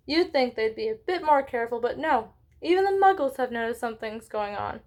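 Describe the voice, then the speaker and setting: A woman's voice: a little high, animated, brisk, a little mellow. A woman playing a stern, impatient old professor. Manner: clipped and exasperated.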